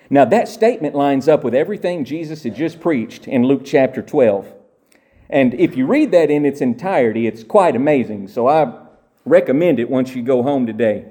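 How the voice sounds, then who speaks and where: A man, a pastor, preaching a sermon to a church with emphatic swings from loud exclamations to quiet asides. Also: a little high.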